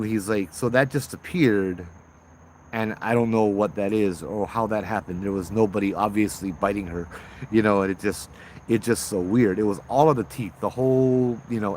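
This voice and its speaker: A man, casually telling ghost stories on a livestream outdoors at night, chatty and relaxed, greeting viewers and laughing often. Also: fairly low pitch, moderate pace, a little hiss or hum. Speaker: ghost-story livestream host and former tour guide. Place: outdoors at night with bugs around.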